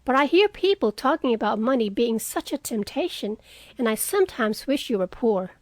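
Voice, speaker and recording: A woman's voice: a little high, sing-song, normal speed, no room sound. A woman voicing a frank, spirited young woman in an audiobook reading, earnest and outspoken.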